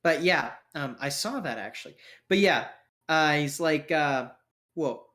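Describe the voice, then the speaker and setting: A man's voice: fairly high pitch, lively intonation, a little slow, pushed and bright. A man narrating as game master for a tabletop game, casual with many fillers.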